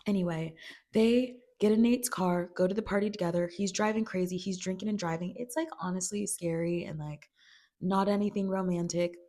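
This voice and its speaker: A woman talking through a TV series recap in a loose, chatty way, peppered with "like" and quick acted-out quotes. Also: lowish voice, fairly even intonation, mellow. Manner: chatty, filler "like", acts out characters' quotes. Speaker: video creator recapping a TV series. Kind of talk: casual recap chat.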